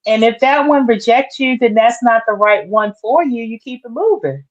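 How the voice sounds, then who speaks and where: Calm, fairly high-voiced woman guest. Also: moderate pace, muffled recording. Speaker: panel guest. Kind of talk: casual group discussion.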